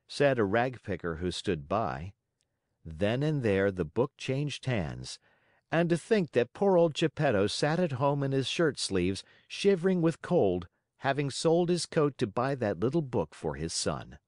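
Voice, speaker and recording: Male audiobook narrator, low and animated, expressive storytelling, dry close-mic sound. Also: measured pace, no echo. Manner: expressive storytelling with voiced characters. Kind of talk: scripted narration.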